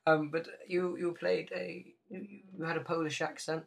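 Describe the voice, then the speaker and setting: A man's voice: on the high side, flat delivery, moderate pace, gravelly. A man hosts a casual podcast chat. He teases his guest, cracks jokes and stumbles over his words. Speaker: podcast host.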